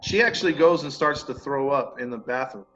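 A man's voice: mid-range voice, a little fast. A man hosting a podcast, telling a true crime story in a casual, slangy way. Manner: animated, slangy, acts out quotes. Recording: dull lo-fi sound with faint music.

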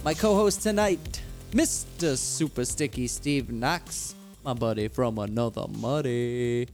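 A man's voice: mid-range voice, darkish tone, faint music behind. A man hosting a casual sports podcast, joking and running through the news in an upbeat way. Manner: jokey, upbeat, talks through news quickly. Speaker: podcast host.

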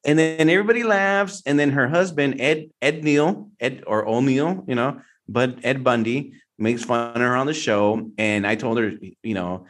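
A male podcast host chatting casually at an ordinary middle pitch. He tells stories in a rambling, animated way. He restarts and trails off often. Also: unhurried, hardly any pauses. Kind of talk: casual chat.

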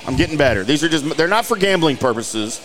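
A man's voice: on the high side, sing-song, quick pace, fairly bright tone, soft background music. A man hosting a podcast, chatting casually and joking at his own expense. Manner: joking, self-mocking storyteller. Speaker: podcast host. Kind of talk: casual chat.

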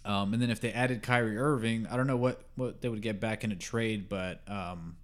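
Opinionated man ranting on a podcast. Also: normal speed. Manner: opinionated, rambling with fillers and restarts; gets louder and higher when heated. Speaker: podcast host. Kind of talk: solo sports podcast monologue.

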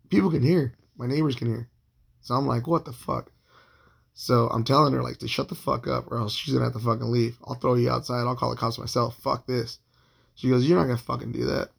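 A young man telling a long personal story in a casual, rambling way, swearing constantly and filling pauses with um and like. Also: mid-range voice, gravelly, breathy edge. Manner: profane, rambling, heavy filler words.

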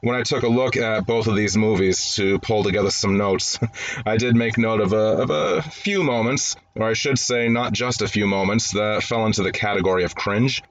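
A man hosting a movie review show, talking through film setups in a chatty, wry way with quick asides. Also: lowish voice, slight background noise. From grew up in an Italian-American home. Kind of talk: conversational film review monologue.

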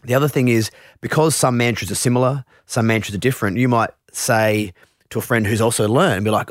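A man who teaches meditation, explaining his practice in an interview in a relaxed way, with frequent restarts and asides. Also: medium pitch, brisk, no room sound, studio quality.

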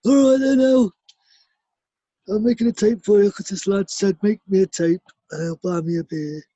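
A man puts on a boozy, rambling pub regular with a northern English accent, reeling off groan-worthy puns. The voice sits high and lifted, and the recording is dry and close. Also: fairly even intonation, normal speed, mellow, no echo. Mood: jovial. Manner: rambling, pun-telling, beery banter. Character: chatty pub regular telling bad jokes, man.

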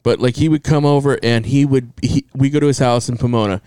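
Profane storytelling man, smooth dry voice. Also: medium pitch, steady tone, fairly quick, dry recording. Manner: profane, storytelling, acts out quotes loudly. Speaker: podcast co-host telling family stories. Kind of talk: casual chat.

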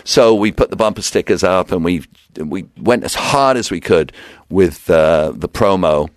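A man's voice: low voice, unhurried, no room sound, studio quality. A man, a radio DJ and guest, telling stories from his career in a casual interview and acting out the people he quotes. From England. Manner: animated storyteller acting out quotes.

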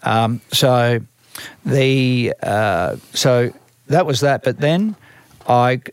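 With a mid-range, resonant voice and clear tone, an Australian man draws out his words while telling stories from his job as a music manager. He's lively, acts out what other people said, and often restarts his sentences in this storytelling conversation. The recording has no room sound.

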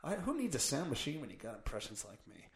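A man's voice: medium pitch, wildly swooping pitch, fast talker, gravelly. A man hosting his own podcast in a casual, blunt and profane rant, poking fun at himself, recorded at home on a mic with a pop filter. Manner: blunt, profane, self-mocking. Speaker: podcast host. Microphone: studio mic with pop filter through a mixer.

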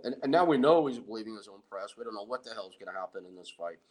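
A middle-aged man telling an anecdote in a casual, excitable way, with restarts. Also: lowish voice, rapid-fire, hardly any pauses, poor audio. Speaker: guest storyteller. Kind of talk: casual anecdote on a talk show.

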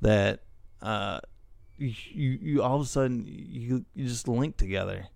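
A man's voice: medium pitch, a little slow, creaky, a little mellow, no room sound. A middle-aged man hosting a casual chat, reading posts aloud with joking asides and frequent laughter. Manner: laughs often, jokey asides. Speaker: podcast host reading stories.

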